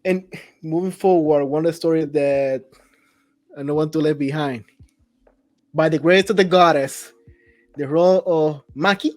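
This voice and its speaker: A man hosting a podcast interview, enthusiastic and halting, often restarting his sentences. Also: a little high. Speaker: podcast host.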